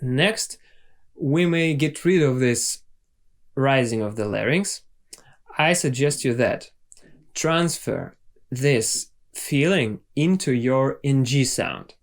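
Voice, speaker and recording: A young man whose first language is Russian, teaching singing slowly and patiently, with non-native phrasing and sung examples. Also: medium pitch, expressive. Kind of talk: vocal lesson with sung demonstrations.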